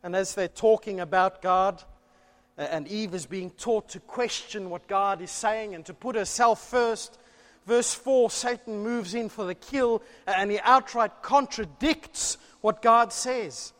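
A man preaching a sermon in church, telling a story with animated delivery and rhetorical questions. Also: sits high, measured pace. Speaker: pastor. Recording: long church reverb.

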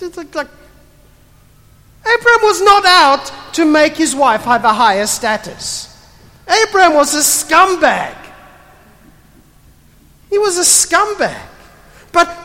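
Sitting high in pitch, this pastor's sermon rises and falls in an animated, conversational way, blunt and emphatic, with frequent rhetorical questions. The sound fills a large church hall, trailing a long reverb.

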